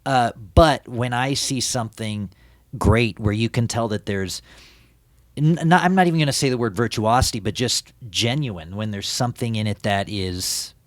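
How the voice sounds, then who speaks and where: This is a podcast host leading a casual interview, putting his questions in a relaxed, conversational way. His voice sits at medium pitch and moves at a moderate pace, captured in a dry recording with clean studio sound.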